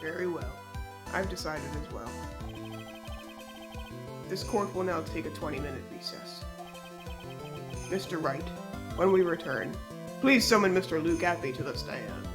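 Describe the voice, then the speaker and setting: A stern older judge, read by a woman in a casual game playthrough. The pronouncements come slow and formal with a lively lilt. Game music plays behind. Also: low-pitched. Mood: solemn. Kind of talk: casual let's play voice acting.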